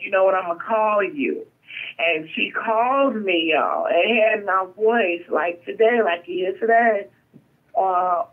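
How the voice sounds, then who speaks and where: A woman calling in by phone as a guest, speaking in an emotional, emphatic way. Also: mid-range voice. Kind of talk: phone-in testimony. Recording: tinny phone line.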